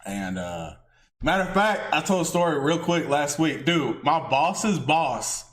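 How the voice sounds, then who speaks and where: A man's voice: a little high, animated, unhurried. A Texan man hosting a podcast, telling a story in casual slang and laughing a lot. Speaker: podcast host. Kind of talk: casual chat. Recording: roomy echo.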